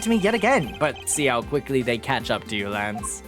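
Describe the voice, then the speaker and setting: A woman streamer reading game dialogue aloud in an expressive way, with joking asides. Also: rumbling low, normal speed. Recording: game music playing behind.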